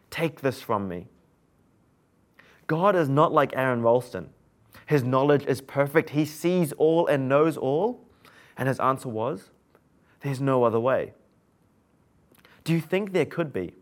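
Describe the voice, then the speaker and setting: A man, preaching an earnest sermon full of rhetorical questions to his listeners. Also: on the high side.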